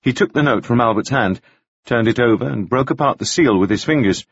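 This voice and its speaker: A man narrating an audiobook with a very expressive delivery. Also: mid-range voice, fairly quick, husky, no room sound. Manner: very expressive, wide-ranging delivery. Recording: dry, slightly dull audio.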